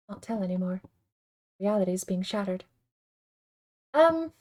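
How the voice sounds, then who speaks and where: A woman's voice: medium pitch, lively intonation, unhurried, a little mellow. A woman streaming a game, talking casually and thinking aloud in a rambling, self-deprecating way. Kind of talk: casual livestream commentary.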